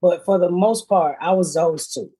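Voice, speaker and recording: Woman, middle-aged, husky, podcast host, blunt, profane, comic storytelling. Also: on the low side, normal speed, mellow. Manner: blunt, profane, laughs through stories. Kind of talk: casual comedic storytelling.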